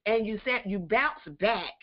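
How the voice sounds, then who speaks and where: A woman's voice: mid-range voice, lively intonation, measured pace. A woman hosting a church talk show, affirming her guest and quoting scripture in an encouraging way. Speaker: host. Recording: dull lo-fi sound.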